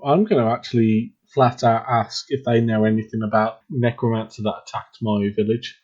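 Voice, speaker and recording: A man's voice: lowish voice, fairly even intonation, normal speed, darkish tone, highs cut off. A man playing in a tabletop game, blunt and joking. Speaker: player. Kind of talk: casual chat at a game table.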